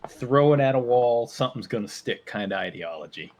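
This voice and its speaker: A man's voice: medium pitch, expressive, fairly quick, heavy background noise. A man co-hosting a casual podcast, joking around and slipping into silly quoted voices. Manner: jokey, breaks into goofy quoted voices. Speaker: podcast co-host. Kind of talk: casual chat.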